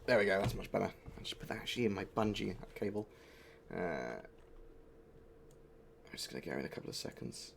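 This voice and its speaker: Chatty lively-voiced male game streamer. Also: low-pitched, moderate pace, vocal fry, pauses often, a little hiss or hum. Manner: rambling, distracted, chatty asides. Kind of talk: live-stream chat while gaming. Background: faint music.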